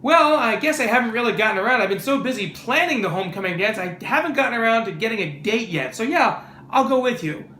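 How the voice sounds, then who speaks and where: A popular teenage girl answers in a breezy, offhand, quick way, voiced by a man. The sound is roomy, with faint hiss. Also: extremely high pitch, expressive, bright, forceful tone, full character voice.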